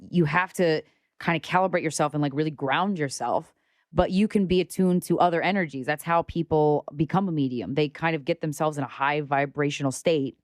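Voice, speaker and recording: A young woman talks as a guest in a casual conversation, her voice sitting on the lower side. She is animated and outspoken, with a lot of casual swearing. The recording is dry and close. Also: dry recording. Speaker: podcast guest.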